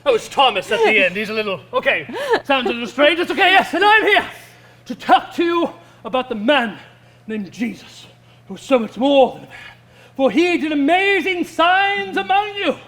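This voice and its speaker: A man's voice: very high-pitched, very animated, normal speed, bright, forceful tone, exaggerated voice. A man hamming up a grandiose, rambling Peter. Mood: proclaiming. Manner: proclaiming, rambling into silly asides. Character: grandiose apostle Peter, boastful storyteller.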